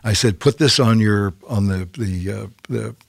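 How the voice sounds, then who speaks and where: A man's voice: fairly low pitch, moderate pace, gravelly, no room sound, clean studio sound. Older man spinning showbiz stories. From Canada. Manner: lively raconteur who acts out quotes and keeps tagging okay?. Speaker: guest telling stories. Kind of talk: casual anecdotal storytelling.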